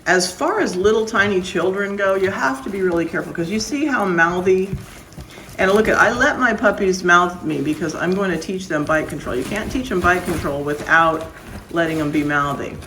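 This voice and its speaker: A woman with a lowish voice talks firmly and emphatically about caring for new puppies. Her tone is plain-spoken and strict in a casual vlog. Faint background noise sits under her voice. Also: moderate pace, fairly bright tone, poor audio. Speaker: dog breeder.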